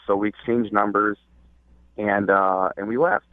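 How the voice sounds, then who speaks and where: Over a dry phone line, a radio-show caller speaks at normal speed in a voice on the low side, with no echo. He tells his story hesitantly, using many fillers and restarting often.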